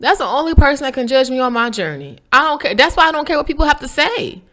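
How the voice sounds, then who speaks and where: A woman, talking to viewers in a casual inspirational vlog, animated and preachy with a playful streak. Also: sits high, fast talker. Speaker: faith vlogger. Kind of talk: casual inspirational talk to camera.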